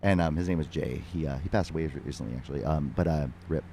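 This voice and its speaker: A man with a very deep voice hosts a podcast and tells a story. He rambles and halts, filling the gaps with "uh" and "um." Faint noise sits behind him. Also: gravelly, mellow. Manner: rambling, halting, lots of "uh". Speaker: podcast host. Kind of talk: casual conversation.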